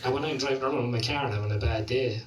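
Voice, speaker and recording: A man's voice: mid-range voice, steady tone, racing, reverberant, distant mic, heavy background noise. A man with a Limerick Irish accent doing a stand-up comedy set, rambling through sweary stories full of "like" and "you know". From Ireland. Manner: profane, rambling storytelling with lots of "like". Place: comedy club stage.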